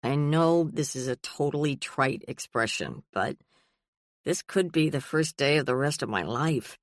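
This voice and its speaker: An audiobook reader voicing an eager, hopeful young woman writer who talks quick and earnest. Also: medium pitch, no room sound, studio quality, natural voice.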